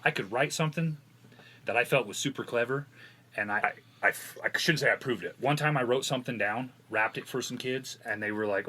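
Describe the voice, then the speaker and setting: Bright-voiced rambling storyteller man. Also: medium pitch, a little fast, husky. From Wyoming. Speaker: guest musician. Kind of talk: casual podcast chat.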